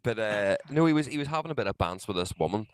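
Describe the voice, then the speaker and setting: Northern irish guy on a podcast, low voice, swears a lot, bounces all over when telling a story. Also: expressive, fast talker, smooth. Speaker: podcast co-host. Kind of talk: casual chat.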